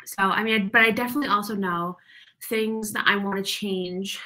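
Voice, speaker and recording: A woman's voice: mid-range voice, normal speed, pushed and bright. A woman hosting a writing livestream, chatting casually and a little out of breath, with lots of laughs and "like". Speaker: livestream host of writing sprints. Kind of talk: casual chat reading live comments.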